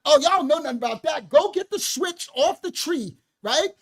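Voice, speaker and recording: A man preaching in a fiery, animated way, loud and slangy, often laughing. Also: extremely high pitch, moderate pace.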